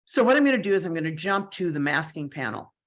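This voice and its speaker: A woman's voice: on the low side, big pitch swings, fast. Chatty woman teaching photo editing. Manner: chatty, explanatory, with fillers and asides. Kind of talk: screen-share software tutorial.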